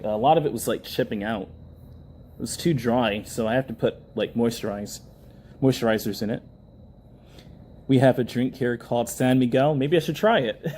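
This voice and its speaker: A man hosts a live stream from his phone, talking casually and reading out viewer comments with easy laughter. His voice sits at an ordinary, medium pitch. A light hum of background noise runs under the recording. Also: darkish tone. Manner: chatty, reads viewer comments aloud and laughs often. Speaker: livestream host. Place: indoors, public building.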